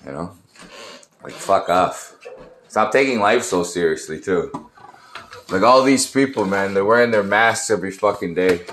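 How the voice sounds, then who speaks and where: A man's voice: deep voice, unhurried, pauses often, a bit bright, a little hiss or hum. A man in his thirties ranting casually in a profane, rambling, sarcastic way. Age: 30s. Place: room in an apartment complex. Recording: echoey room.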